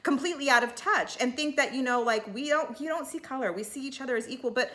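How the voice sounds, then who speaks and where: A woman's voice: sits high, fast, a bit bright. A woman giving a casual, opinionated recap of a reality show in a chatty way, full of fillers.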